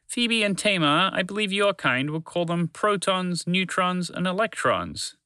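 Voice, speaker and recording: A man's voice: sits high, animated, a little slow, sharp tone, clear, resonant tone, no echo, pitched above the performer's own voice, exaggerated voice. A man voicing a proud, careful orange male dragon in a children's story, earnest and bossy when alarmed.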